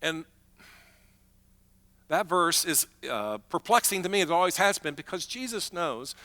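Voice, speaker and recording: A man preaching a sermon as pastor, emphatic, swinging between loud declarations and hushed, slow moments. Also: a little high.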